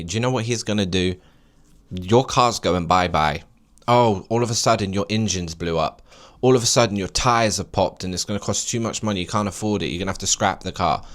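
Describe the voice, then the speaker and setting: A man's voice: deep voice, a bit bright. A man in his late twenties hosting a solo podcast, rambling and preachy as he urges listeners on with emphatic encouragement. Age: late 20s. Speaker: podcast host.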